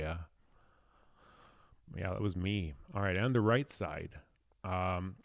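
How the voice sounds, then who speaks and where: A man's voice: low-pitched, slow pace, vocal fry, pauses often, no room sound. A young man, a speed chess player, talking in a casual unscripted monologue, telling stories in a rambling, hesitant way that circles back on itself.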